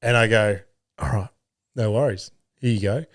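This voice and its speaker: A man's voice: on the low side, moderate pace. Swearing Australian man telling stories. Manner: swears freely, animated retelling with voiced quotes. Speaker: podcast host. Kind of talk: casual storytelling.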